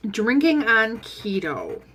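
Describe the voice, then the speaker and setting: A woman's voice: on the high side, wildly swooping pitch, slow, bright, forceful tone, breathy edge. A woman vlogging a casual, candid diet update from home, chatty and full of ums. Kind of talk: casual chat.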